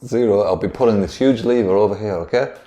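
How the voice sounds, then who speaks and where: A man's voice: fairly low pitch, quick pace, warm tone, lightly acted. A man playing a lonely earnest male scientist in his own voice on an improvised comedy podcast, talking fondly and reassuringly.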